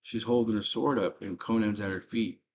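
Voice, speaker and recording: A man with a fairly low voice recounts a film scene by scene in a loose, casual way. He talks in an animated, slangy manner, leaning on fillers as he tells the story. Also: moderate pace, a little hiss or hum. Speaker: movie chat host. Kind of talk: casual movie retelling.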